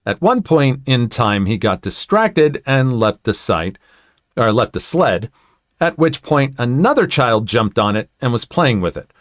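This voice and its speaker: A man narrates online stories aloud, his pitch moving in lively swings around a mid range. He adds sympathetic comments between readings. The recording is close and dry. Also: a little slow, dry recording. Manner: expressive, sympathetic asides. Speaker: story narrator.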